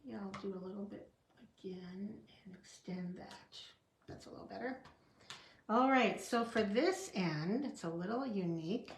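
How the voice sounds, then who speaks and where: A woman's voice: mid-range voice, animated, moderate pace, reverberant, slight background noise. A woman demonstrating card stamping in a chatty tutorial, talking to herself as she works. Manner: chatty, talks to herself while working, small laughs.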